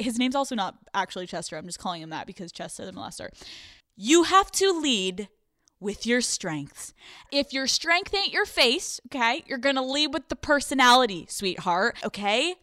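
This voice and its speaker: A woman's voice: high voice, bright, forceful tone, dry recording, studio quality. A woman hosting a podcast, telling stories in a brash, profanity-laced comedic monologue. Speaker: podcast host.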